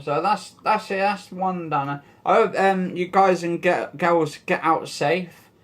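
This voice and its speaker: A man's voice: sits high, slow, a bit bright. A man hosting a casual news commentary vlog, rambling and joking as he talks and swearing now and then. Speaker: vlog host.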